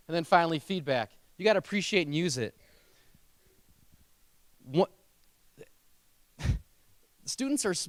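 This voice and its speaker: A man's voice: a little high, no room sound. A man who teaches speech, giving a motivational keynote to parents and telling stories in an earnest, emotional and emphatic way.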